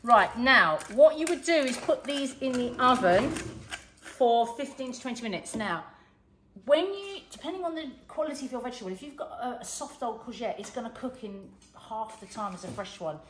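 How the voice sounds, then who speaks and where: A woman's voice: a little high, animated, moderate pace, fairly bright tone, roomy sound. A middle-aged woman talks a recipe through in her home kitchen, chatty and explanatory. Her voice sits mid-range, with a faint hiss underneath. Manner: chatty, explains as she cooks. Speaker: cooking show co-host. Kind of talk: casual cooking demonstration.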